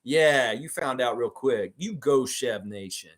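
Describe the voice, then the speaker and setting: A fan show host chats casually on a live fan stream, reading viewer comments and swearing freely, with lots of fillers. His medium-pitched voice is animated and a little slow.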